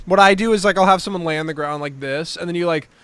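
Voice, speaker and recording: A man co-hosting a comedy podcast, telling animated stories with swearing and constant calls of "dude". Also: fairly high pitch, fast, smooth. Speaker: podcast co-host. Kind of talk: casual chat.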